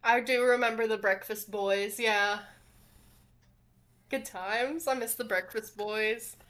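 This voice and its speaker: Bright, high-voiced Southern woman game master. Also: fairly even intonation, takes it slowly. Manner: giggly, chatty, lots of filler "like". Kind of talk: casual tabletop game chat.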